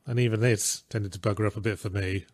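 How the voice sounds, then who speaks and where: A man's voice: fairly low pitch, quick pace, dry recording, studio quality. A man from Australia, chatting casually and loosely about games as a podcast co-host. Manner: relaxed, chatty, swears casually. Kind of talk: casual chat. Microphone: webcam and home mic in an office.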